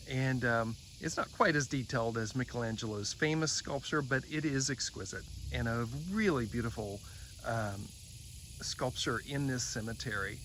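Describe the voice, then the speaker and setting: A man's voice: medium pitch, fairly bright tone, a little hiss or hum. A man hosting a cemetery vlog, narrating a casual walking tour outdoors, enthusiastic and rambling with lots of fillers.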